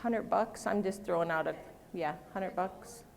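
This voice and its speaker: A woman's voice: lowish voice, measured pace, gravelly, darkish tone. A middle-aged woman giving a live floral design demonstration on stage, chatty and self-deprecating, joking with her audience. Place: stage in a large convention hall. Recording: long hall reverb.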